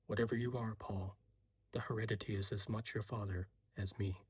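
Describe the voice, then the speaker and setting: A man softly voicing a gentle, worried mother. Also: fairly low pitch, steady tone, moderate pace, husky. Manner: soft, gentle and hushed. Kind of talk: whispered role-play.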